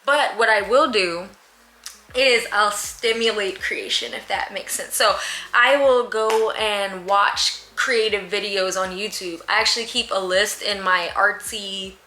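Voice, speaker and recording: A woman's voice: medium pitch, a little slow, bright, forceful tone. A young woman vlogging at home, answering viewer questions in a candid, chatty way with slang and laughs. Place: room at home with a fan. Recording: echoey room.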